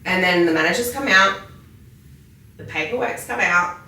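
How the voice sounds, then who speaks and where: An Australian woman and mortgage broker telling a lively anecdote in casual podcast chat, acting out the people in her story. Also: fairly low pitch, normal speed. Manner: lively storyteller who acts out the other people in her stories. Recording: echoey room, distant mic.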